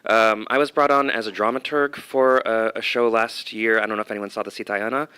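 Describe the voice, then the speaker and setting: A man's voice: lowish voice, fairly even intonation, fairly quick, pushed and bright, smooth. A man from the United States, an actor and dramaturg, speaking thoughtfully on a panel with some hesitations. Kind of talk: reflective panel talk.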